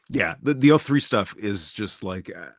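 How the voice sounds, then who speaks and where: A man's voice: on the low side, animated, slow, fairly bright tone, no room sound, studio quality. A man in casual chat, rambling with many fillers and restarts.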